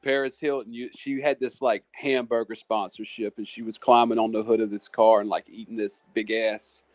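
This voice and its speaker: A man's voice: fairly low pitch, flat delivery, moderate pace, darkish tone, no room sound. A man who hosts a live panel stream and chats casually, musing at length in a friendly way. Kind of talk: casual chat.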